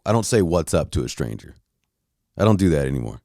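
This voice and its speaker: Low-voiced man ranting profanely. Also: very animated, fast, mellow, no echo, studio quality. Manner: profane, blunt, heated storytelling. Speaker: podcast host. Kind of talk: casual monologue rant.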